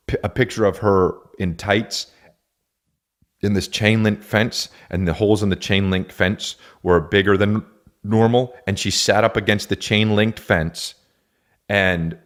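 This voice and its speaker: Deep-voiced man ranting with profanity. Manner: profane, rambling, stammers and restarts. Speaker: podcast host. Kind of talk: casual comedic rant.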